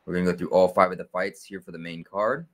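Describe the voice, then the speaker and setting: A man hosting his own sports picks channel, explaining his figures step by step in a steady, methodical way with frequent fillers. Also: low voice, quick pace. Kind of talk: casual explanatory video walkthrough.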